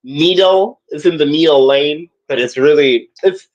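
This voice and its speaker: A man hosting a casual chat show, animated and playful, often laughing and swooping up into high squeals. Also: measured pace, muffled recording. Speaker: podcast host.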